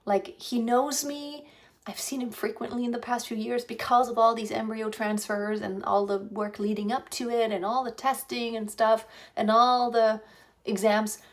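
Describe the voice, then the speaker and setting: A woman's voice: on the high side, level tone, normal speed. Chatty lady in her 50s rambling thru a story, lots of likes and restarts, talking into her phone. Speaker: vlogger. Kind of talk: casual pregnancy vlog storytelling. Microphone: phone propped on a stand.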